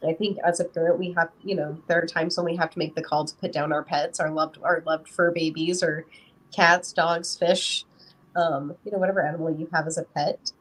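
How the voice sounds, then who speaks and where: In a casual podcast interview, a mother rambles through her thoughts, peppering nearly every line with "you know." Her voice is deep and steady, and she talks fairly quickly.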